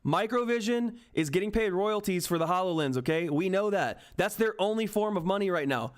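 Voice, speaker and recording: A young man commentating live on a stock chart, excited and frantic, often repeating himself. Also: sits high, brisk. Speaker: stock market streamer.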